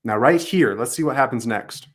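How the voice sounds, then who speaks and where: A man's voice: mid-range voice, lively intonation, moderate pace. A man coaching customer service staff, upbeat, acting out sample phone phrases as he comments on recorded calls.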